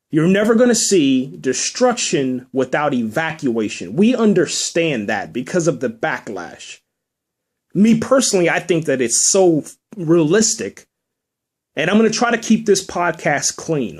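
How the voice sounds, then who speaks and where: Emphatic man reviewing a film, raised pitch. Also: darkish tone. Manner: emphatic, repeats himself when worked up. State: emotional. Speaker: podcast host. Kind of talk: solo spoken movie review.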